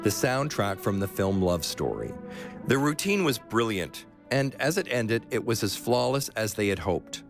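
Deep-voiced, lively radio documentary narrator. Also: male voice, moderate pace, faint music behind. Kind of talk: scripted documentary narration with interview questions.

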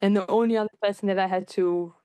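A woman guest in an interview, telling her own story in a casual, animated way and jumping up in pitch when she quotes people. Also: fast talker, clear, resonant tone, no room sound. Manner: animated, acts out quoted voices with high pitch jumps.

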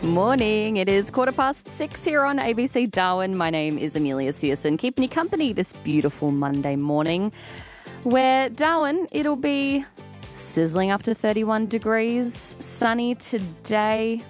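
A woman's voice: a little high, animated, measured pace, soft background music. An Australian woman hosting breakfast radio from a studio, chatty and playful, laughing easily as she talks. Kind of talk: casual radio chat. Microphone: studio microphone.

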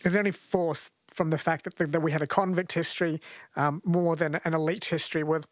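Chatty male radio host, slightly high voice. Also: steady tone, fairly quick, no echo, studio quality. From New Zealand. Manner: chatty, asks long rambling questions. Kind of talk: radio talk show.

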